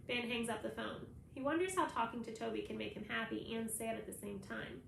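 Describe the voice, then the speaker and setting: A woman reading a children's novel aloud in a plain, steady storytelling manner. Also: on the high side, fairly quick, vocal fry, hardly any pauses, reverberant, slight background noise, low-quality recording. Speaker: reader.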